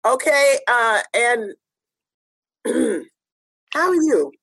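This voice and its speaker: An American woman co-hosting a podcast speaks very slowly in a slightly high, fairly bright voice with big pitch swings. Her casual chat is impassioned and emphatic, with phrases repeated for stress.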